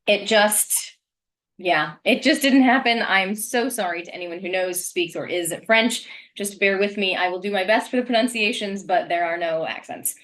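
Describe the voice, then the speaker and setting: A woman presenting a casual wine lesson in a chatty, rambling way, often pausing on "um" fillers. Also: mid-range voice, a bit bright.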